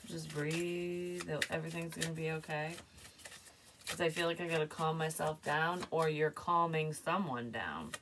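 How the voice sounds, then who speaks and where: A woman's voice: deep voice, moderate pace, a bit bright, recorded from a distance, slight background noise. A woman giving a casual, hesitant psychic tarot reading, rambling and sometimes dropping to a near whisper.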